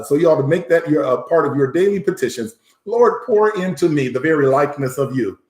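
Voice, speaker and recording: A man, a pastor, preaching and leading a congregation in sung praise with call-and-response. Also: fairly high pitch. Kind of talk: sermon with singing. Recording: echoey room with music behind. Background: worship music.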